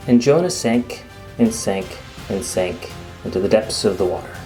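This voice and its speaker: A man teaching children, telling a Bible story in a playful, animated way with silly asides. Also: fairly low pitch, normal speed, faint music behind.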